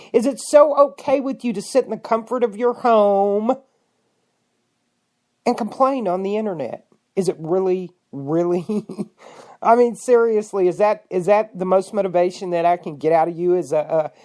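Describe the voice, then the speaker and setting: Woman podcast host, angry profane rant, loud bursts dropping to mutters. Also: mid-range voice. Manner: fiery, indignant, swings between shouting and muttering; profane, rhetorical questions.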